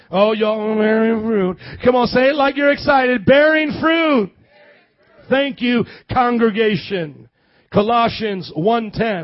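Midwest pastor guy preaching, high voice, dull dry lo-fi sound. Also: dry recording. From American Midwest. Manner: animated, calls for congregation responses. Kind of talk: sermon.

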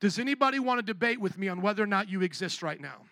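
A high-voiced male pastor delivering an emphatic sermon. His tone is bright and forceful, and he calls out to his listeners. The sound is dry and close, with no room echo. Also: animated, fast.

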